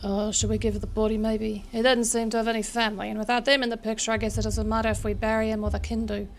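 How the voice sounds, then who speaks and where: Woman game streamer with a gravelly, raised voice; sarcastic running commentary. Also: on the high side, little pitch movement, quick pace, a little hiss or hum. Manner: sarcastic, playful, self-mocking. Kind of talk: let's play commentary with read dialogue.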